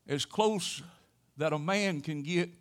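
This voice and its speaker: An older man preaching a sermon, telling a personal story in a folksy way with sudden loud exclamations. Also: a little high, slow pace. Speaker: pastor.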